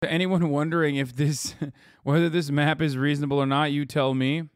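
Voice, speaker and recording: A man running a live reaction stream in a loose, profane and incredulous way, laughing between remarks. His voice sits a little high for a man. The sound is close and dry, with no room around it. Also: flat delivery, brisk, no room sound. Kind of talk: casual live-stream commentary.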